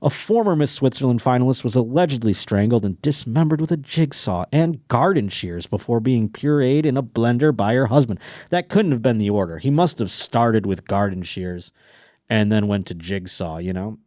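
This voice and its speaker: A man's voice: mid-range voice, animated, normal speed, darkish tone, no echo. Dry-sounding crude comedic podcast host man. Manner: crude, sarcastic riffing on listener stories. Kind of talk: comedic news commentary.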